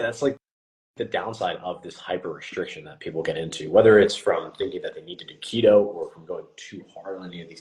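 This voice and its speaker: A young man with a low, deep voice hosts a casual live stream as a fitness coach. He tells his stories with animation and puts on quoted voices with a rising pitch.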